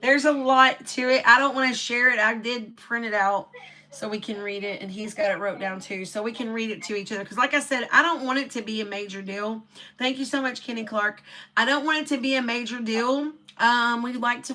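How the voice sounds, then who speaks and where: Bright chatty woman. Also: a little high, fairly even intonation, a little fast. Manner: chatty, laughs often, drops soft when reflective. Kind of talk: casual chat.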